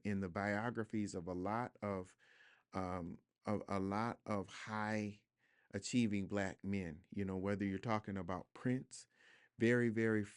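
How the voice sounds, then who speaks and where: A man's voice: fairly low pitch, clear, resonant tone, dry recording. A man speaking as a guest author in a studio interview, earnest and reflective, building to emphatic points. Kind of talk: podcast interview conversation.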